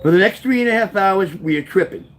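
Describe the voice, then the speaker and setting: A man reading his own memoir aloud, telling the story with lively, offhand asides. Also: high-pitched, fast talker. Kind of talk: first-person memoir storytelling.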